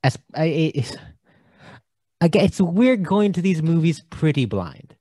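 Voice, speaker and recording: Podcast co-host, male, lively sing-song delivery, playful and stumbling, dry close sound. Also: fairly high pitch, a little slow, no room sound. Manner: animated, jokey, trips over words. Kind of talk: casual movie discussion.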